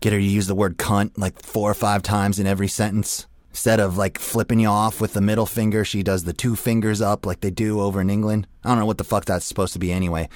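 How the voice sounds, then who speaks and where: A man's voice: on the low side, level tone, fast talker, few pauses, darkish tone, no room sound. A young adult man hosting a radio show, delivering a crude, profane, rambling comedic rant.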